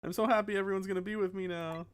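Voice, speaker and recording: A streamer voicing a sweet, cheerful young girl from a video game, in a bright, bubbly way. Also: mid-range voice, steady tone, racing, background noise, pitched above the performer's own voice, close to an everyday voice. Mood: happy. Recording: game music behind.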